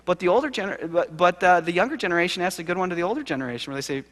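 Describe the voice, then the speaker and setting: A man, giving a conference keynote as a seminary professor in an animated, conversational storytelling manner. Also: sits high, racing. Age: late 30s. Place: large lecture hall. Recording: live hall recording with reverb.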